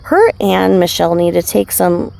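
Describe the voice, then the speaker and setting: A woman's voice: lowish voice, sing-song, normal speed, vocal fry, dark tone. A woman vlogging outdoors by a remote river, chatty and rambling with many fillers and asides, filmed on a handheld phone. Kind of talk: casual rambling vlog narration.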